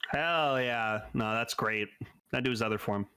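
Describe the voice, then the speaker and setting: Excitable bright-voiced man on a podcast. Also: mid-range voice, a little slow, clear, resonant tone. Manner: excitable, laughs often, swears, acts out quotes. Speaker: podcast co-host. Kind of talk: casual chat.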